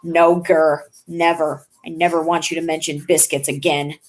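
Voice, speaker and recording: A woman's voice: deep voice, level tone, moderate pace, close to an everyday voice. A woman voicing a bossy, impatient male alien leader in a curt, dismissive way.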